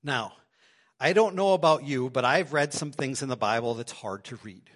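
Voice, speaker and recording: A man preaching a sermon to his congregation in a church, swinging between loud emphasis and quiet asides. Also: medium pitch, moderate pace. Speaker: pastor. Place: church sanctuary.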